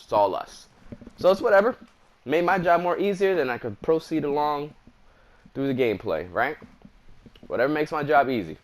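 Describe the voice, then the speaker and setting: A man casually commenting over a video game walkthrough, laid-back and slangy, drifting into rambling asides. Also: medium pitch. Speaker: gaming commentator.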